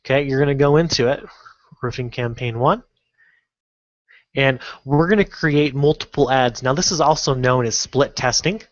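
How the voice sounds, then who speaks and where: A man teaching an online course in a casual, halting screen-recorded tutorial, full of fillers and restarts. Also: mid-range voice, no echo, muffled recording. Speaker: online marketing instructor.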